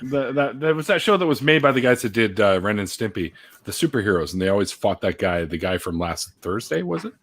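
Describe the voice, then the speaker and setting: A man with a husky, slightly breathy voice runs a casual group chat. His pitch leaps all over the place as he jokes. He laughs easily and drops the odd curse. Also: brisk, few pauses. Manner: animated, swearing, laughs often. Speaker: podcast host.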